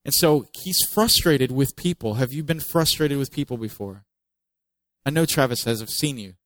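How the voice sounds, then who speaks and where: A man's voice: mid-range voice, moderate pace, fairly bright tone, dry recording, low-quality recording. A man preaching a sermon in a conversational way, reading scripture aloud with emphasis and adding joking asides. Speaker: pastor.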